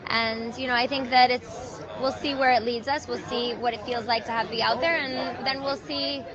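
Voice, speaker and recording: Halting high woman with Spanish-sounding accent. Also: steady tone. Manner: halting, searching for words. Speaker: interviewee. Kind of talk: television interview. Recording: dull TV clip audio with crowd behind.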